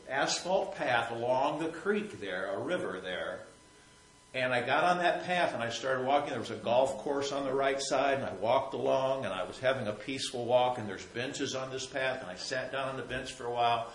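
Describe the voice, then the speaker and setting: A man telling a personal faith story in a rambling, repetitive way, sometimes growing soft and emotional. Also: medium pitch, roomy sound, a little hiss or hum, rough recording. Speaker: Christian storyteller.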